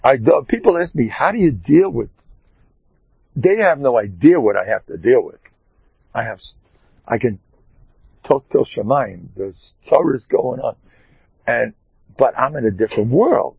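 A man, a rabbi, telling a story in an animated way and mixing in Hebrew and Yiddish terms. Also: medium pitch, a little slow, vocal fry, long pauses, slightly rough, no echo, phone-quality sound. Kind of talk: storytelling talk.

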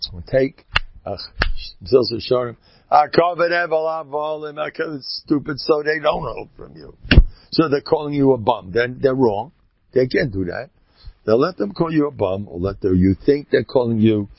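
A man, a rabbi, giving an informal religious talk in an animated, rambling way, often mimicking other people's voices. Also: mid-range voice, vocal fry, husky, no echo. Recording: dull lo-fi recording.

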